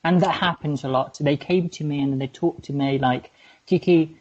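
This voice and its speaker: A low-voiced woman with a husky edge and a learned British RP accent, talking earnestly on a casual podcast. She pauses to hunt for the right words. The recording sounds a little muffled and lo-fi. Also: a little mellow. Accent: contemporary British RP, learned. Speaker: co-host. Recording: slightly muffled, lo-fi.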